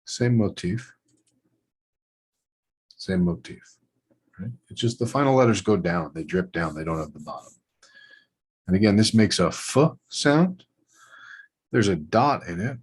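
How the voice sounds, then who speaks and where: A man with a deep, slightly rough voice and lively intonation demonstrates letter writing at normal speed on a rough recording. He talks through every stroke while drawing, his short phrases trailing off in a relaxed way.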